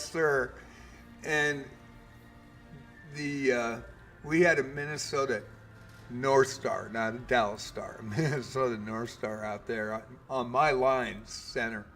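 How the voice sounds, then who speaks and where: A man's voice: medium pitch, a bit bright, slight background noise. A man in his fifties, a game streamer, casually telling a long story with lots of fillers and mild swearing.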